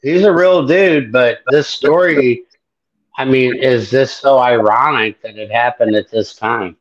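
A man's voice: mid-range voice, a little slow, muffled recording. A man co-hosting a casual chat, confidently explaining his theories.

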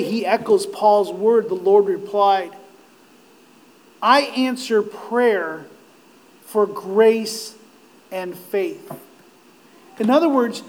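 A man preaching a sermon, impassioned, swelling to near-shouts on quoted cries of despair. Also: extremely high pitch, low-quality recording.

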